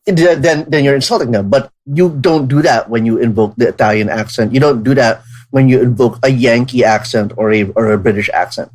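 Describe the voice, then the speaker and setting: A man in a relaxed podcast chat, with a voice of ordinary middle pitch. He talks at length and keeps thinking out loud, restarting his sentences as he goes. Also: brisk, poor audio. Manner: talkative, thinks aloud with many restarts. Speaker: podcast co-host.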